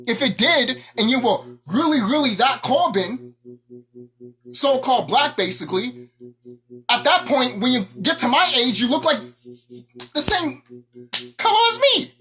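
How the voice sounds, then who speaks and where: A woman ranting to her viewers in an angry, confrontational way, swearing freely. Her pitch leaps up and down as she presses each point. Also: animated, measured pace, pauses often, fairly bright tone. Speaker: vlogger. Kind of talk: ranting monologue to camera.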